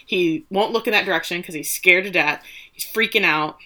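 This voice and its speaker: A woman's voice: on the low side, normal speed. A young woman co-hosting a podcast, chatting casually and animatedly, swearing freely and retelling scenes. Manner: animated, swearing, reads out lines in quotes. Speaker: podcast co-host. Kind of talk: casual recap chat.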